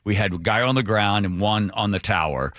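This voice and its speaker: Brief: male radio host, crisp bright tone, dry close studio sound, animated storyteller. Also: fairly low pitch, fairly quick, dry recording. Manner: acts out quotes with big voice swings.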